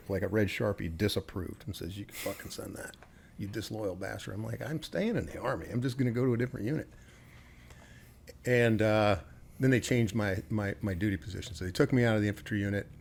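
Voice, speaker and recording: A middle-aged man from the United States, a retired Army officer and podcast guest. He tells stories casually and bluntly, with swearing and quoted dialogue. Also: on the low side. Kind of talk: casual interview storytelling.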